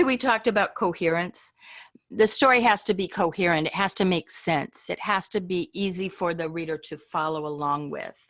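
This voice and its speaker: A woman's voice: fairly low pitch, moderate pace, a bit bright. A woman teaching an online English class, talking in a chatty, informal way and often trailing off and restarting.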